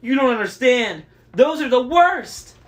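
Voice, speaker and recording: A man's voice: very high voice, sing-song, measured pace, voice pushed up, full character voice. A man reading aloud voices a vain, haughty sorceress woman in a theatrical, mocking way. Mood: panicked.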